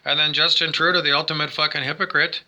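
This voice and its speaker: A man's voice: a little high, level tone, fast talker, pushed and bright. A man delivering a rambling monologue as a spiritual vlogger, talking indoors by a window, insulting listeners and repeating "I don't know" over and over. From Canada.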